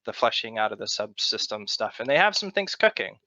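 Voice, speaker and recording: An American man from Arizona answering community questions on a voice call in a relaxed, halting way, often restarting his sentences. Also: lowish voice, no room sound. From Arizona, USA. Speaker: game developer. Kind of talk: casual Q&A in a voice call. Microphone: computer mic on a voice call. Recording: dull lo-fi voice call.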